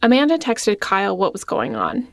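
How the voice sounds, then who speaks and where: A woman reads a scripted documentary narration in a steady, even-toned manner. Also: mid-range voice, moderate pace, gravelly, dry recording, studio quality.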